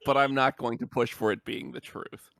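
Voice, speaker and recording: Gravelly-voiced man for a casual podcast co-host read, lively and dry. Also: mid-range voice, normal speed, no room sound. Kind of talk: casual group chat.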